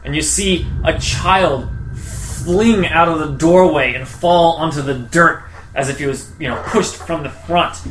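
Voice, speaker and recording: A man's voice: on the high side, unhurried, fairly bright tone, slight background noise, rough recording. A man narrating as game master, hesitant, with many fillers and restarts.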